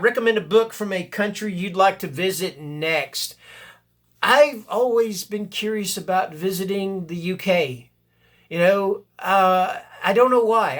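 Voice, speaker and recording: A man's voice: high-pitched, fairly bright tone. A man chatting casually about books, rambling and correcting himself, with bursts of enthusiasm and blurbs read aloud. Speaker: booktuber. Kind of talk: casual book chat and reading blurbs aloud.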